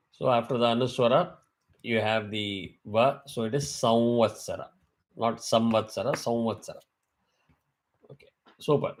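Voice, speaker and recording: A man teaching a chanting class over a video call, reciting verses slowly and correcting pronunciation syllable by syllable. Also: medium pitch. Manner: slow, careful syllable-by-syllable recitation.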